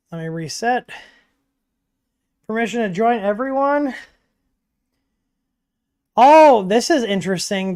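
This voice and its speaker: A man hosting a casual livestream Q&A, talking in a relaxed, chatty way with frequent ums and asides, from a home studio. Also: high voice, clear, resonant tone. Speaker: livestream host answering 3D printer questions. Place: home studio with dogs nearby.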